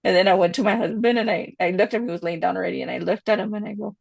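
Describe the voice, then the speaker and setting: Rapid-fire and gravelly at a medium pitch, this woman co-hosts a casual podcast, recounting stories openly and weaving in Spanish phrases. Her talk is chatty and heavy on "you know," recorded without echo.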